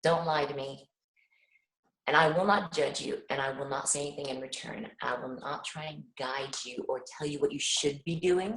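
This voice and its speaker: Speaking at a normal pace in a low-pitched voice, this middle-aged mother appears as a parent guest answering an interviewer. Her storytelling is earnest and lively, full of acted-out quoted exchanges, captured on a rough recording with a roomy sound.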